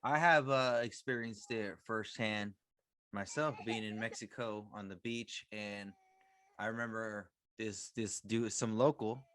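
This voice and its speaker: A man talking as a guest on a casual podcast, telling personal stories in a relaxed way. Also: fairly low pitch, unhurried, a little hiss or hum.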